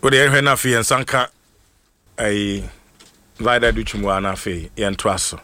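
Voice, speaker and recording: A man hosting a casual livestream, reading out viewers' names in a lively mix of Twi and English and laughing often. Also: fairly low pitch, moderate pace, no room sound. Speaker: livestream host. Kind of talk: casual live shout-outs.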